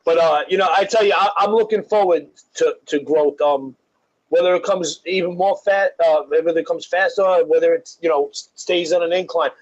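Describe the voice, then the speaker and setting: A man's voice: on the high side, fairly even intonation, brisk. A man co-hosting a radio talk show, speaking earnestly and hopefully. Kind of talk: casual talk-show chat. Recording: dull, lo-fi audio.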